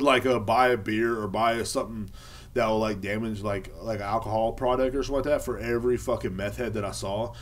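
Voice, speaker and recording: A man hosting a casual beer podcast, telling a sarcastic, profane story with a lot of rambling. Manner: lively pitch jumps when mimicking others. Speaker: podcast host.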